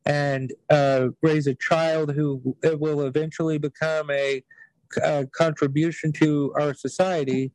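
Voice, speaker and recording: A man's voice: on the high side, flat delivery, measured pace, darkish tone, no room sound, poor audio. A man hosting a podcast, telling stories in casual chat with blunt, profane language. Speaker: podcast host.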